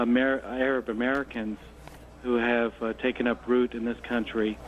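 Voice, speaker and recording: Halting man caller, flat voice. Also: medium pitch, lo-fi sound. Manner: halting, sincere, many fillers. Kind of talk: call-in comment.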